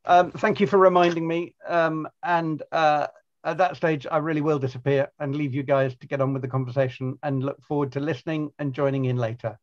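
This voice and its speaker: A man's voice: on the high side, steady tone, a little fast. A man chairing an online book talk, speaking politely and hesitantly with many ums. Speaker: event chair. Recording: slightly dull lo-fi sound.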